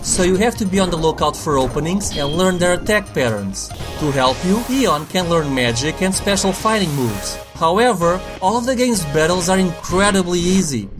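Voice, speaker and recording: A man's voice: high voice, expressive, normal speed, few pauses, music in the background. A young adult man reading a scripted video game review, blunt and sarcastic and swearing for emphasis. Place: voice-over over game footage.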